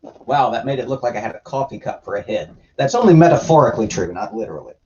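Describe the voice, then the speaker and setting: A man's voice: medium pitch, big pitch swings, fast, darkish tone. A man hosting a casual livestream, joking irreverently as he reads chat and comments on scripture. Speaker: host reading and commenting on scripture. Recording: dull lo-fi stream audio.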